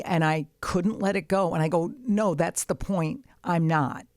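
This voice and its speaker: A woman's voice: fairly low pitch, moderate pace, hardly any pauses, darkish tone, no room sound, clean studio sound. A woman co-hosting a podcast, telling comic stories in a blunt, profane way and acting out both sides of each exchange. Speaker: podcast co-host. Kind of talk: casual comedic storytelling chat.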